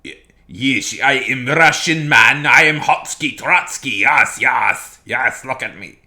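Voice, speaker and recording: A man's voice: medium pitch, lively intonation, slow, bright, forceful tone, full character voice. A man doing a goofy fake Russian man. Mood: mocking. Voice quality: broken English, exaggerated fake Russian accent.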